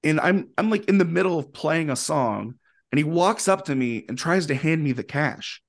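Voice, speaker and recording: A man's voice: a little high, normal speed, gravelly. Man telling a story animatedly. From Indianapolis area, USA. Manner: animated, acts out quotes with filler words. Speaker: guest musician. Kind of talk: casual storytelling.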